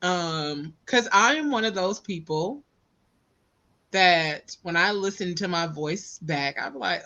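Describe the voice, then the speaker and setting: A woman with a Southern US accent, hosting a podcast and telling stories in a casual, animated way with laughter. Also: on the low side, slow pace. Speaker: podcast host.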